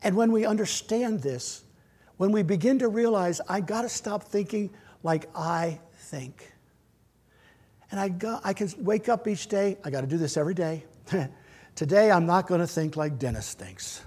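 A middle-aged male pastor preaching an earnest sermon in a church. His voice sits high and has a husky edge. He swings from loud, raised lines to hushed, almost whispered ones. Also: lively intonation, moderate pace.

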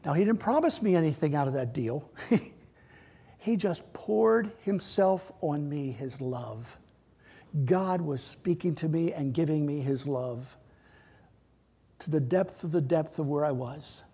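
A middle-aged man preaching a sermon in a church, earnest, swinging from loud to near-whispered. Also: fairly high pitch, a little slow, husky. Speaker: pastor.

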